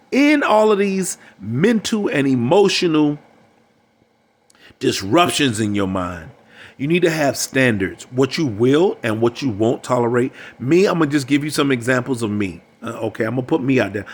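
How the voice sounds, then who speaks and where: A man's voice: medium pitch, animated, normal speed. An older man gives a preachy, emphatic monologue as a relationship coach. He keeps repeating his phrases for emphasis. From United States.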